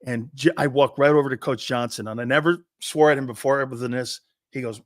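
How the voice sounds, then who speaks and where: An older man, a former college football player, co-hosting a sports talk show and telling stories with loud acted-out quotes and plenty of swearing. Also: medium pitch, quick pace, hardly any pauses, no echo, studio quality. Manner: excitable, profane, acts out quotes loudly. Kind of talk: animated sports talk and storytelling.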